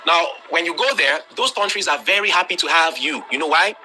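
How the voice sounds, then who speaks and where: A Nigerian man delivers a blunt, forceful lecture to an online class, pressing his points with rhetorical questions. His voice is bright and sharp, and he talks at a brisk clip. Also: a little high, slight background noise. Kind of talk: live-streamed talk to students.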